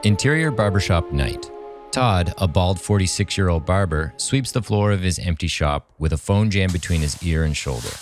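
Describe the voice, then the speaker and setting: A man co-hosting a podcast, reading a horror script aloud in an even narrating voice. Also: deep voice, moderate pace, soft background music. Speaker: podcast co-host and script reader.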